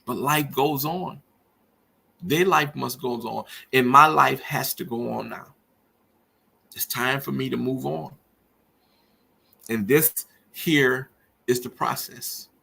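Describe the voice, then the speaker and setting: Middle-aged guy doing a grief podcast, husky voice, earnest, preachy. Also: mid-range voice, takes it slowly, pauses often, pushed and bright. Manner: earnest, preacherly, rising with feeling. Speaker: podcast host. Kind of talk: emotional personal monologue.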